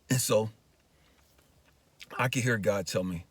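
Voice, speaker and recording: A man's voice: fairly low pitch, takes it slowly, long pauses, a bit bright, husky, no echo. A man telling a personal faith story in an earnest, repetitive way, often checking in with his listeners. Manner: earnest, repetitive, often asks "you know what I mean". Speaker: counselor sharing personal testimony. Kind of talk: emotional spoken testimony.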